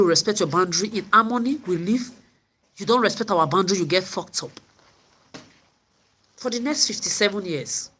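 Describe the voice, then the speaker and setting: A woman's voice: mid-range voice, sharp tone, husky. A woman vlogger telling her story in an angry, profane rant, often repeating and stumbling over words. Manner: profane, repetitive stammering.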